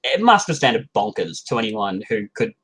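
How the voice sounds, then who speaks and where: Husky, lively podcast co-host man. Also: fairly low pitch, moderate pace, low-quality recording. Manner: animated, slips into silly character voices. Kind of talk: casual live chat.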